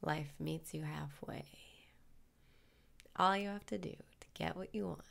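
A woman guiding a mock meditation in a low, unhurried voice, gravelly with vocal fry. She speaks softly and calmly and often slips into a whisper. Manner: soft, slow, calm, drifting into whispers. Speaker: meditation guide. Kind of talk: guided meditation parody.

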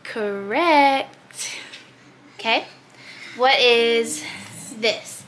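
Young woman vlogger, laid back, slow easy talk, kinda runny nose, bright voice. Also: fairly high pitch. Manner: laid-back, speaks slowly and plainly to the camera. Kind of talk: casual vlog chat.

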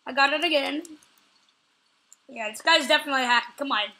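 A woman hosts her gaming channel with live commentary, her voice high and bright. She talks excitably, repeating the same short phrases several times and yelling out whenever she catches something. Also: a little fast.

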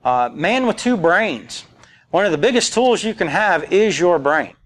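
A man in his forties gives a conference talk in a loose, chatty way and drops in quotes from old movies. His voice sits a bit high for a man. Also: lively intonation, measured pace, a bit bright. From rural area. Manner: casual, joking, quotes movie lines. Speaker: conference speaker. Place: conference room.

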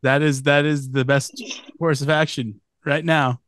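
A man's voice: on the high side, flat delivery, a little slow, fairly bright tone, smooth, dry recording, studio quality. A man co-hosting a podcast, chatting casually and teasing the others with jokey interjections. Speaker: podcast co-host. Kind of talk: casual chat.

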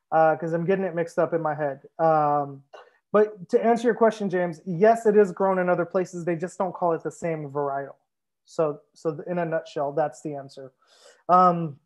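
A young man hosting a live wine tasting as a sommelier, chatting casually and joking as he reads out viewer comments. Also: high-pitched. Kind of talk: casual livestream chat.

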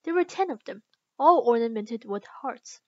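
A woman reading a children's book aloud slowly and carefully, with small restarts. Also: on the high side, lively intonation, dark tone, dry recording, highs cut off. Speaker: reader.

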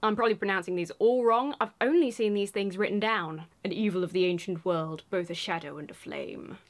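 A woman's voice: mid-range voice, fairly quick. A woman hosting a casual card-opening video indoors. She gushes and giggles, and she reads the flavour text in a whisper. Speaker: video host opening trading cards. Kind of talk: casual chat, reading card text aloud.

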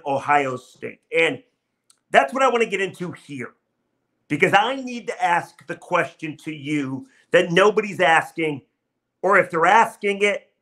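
Male sports podcast host, 30s, bright and slightly high, upbeat chatty monologue. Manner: upbeat, chatty, pushes listeners to subscribe.

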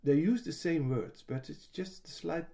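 A man, a piano teacher explaining how to read rhythm, speaking slowly and patiently. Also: on the high side, gravelly, mellow. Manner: slow, patient explanation with sung rhythm syllables. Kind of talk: music lesson, explaining and singing rhythm syllables.

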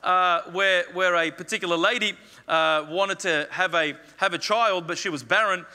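Male pastor giving an emphatic sermon in a high voice that echoes through a church hall. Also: moderate pace, sharp tone. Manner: emphatic, repeats phrases, acts out quoted lines. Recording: long reverb of a church hall.

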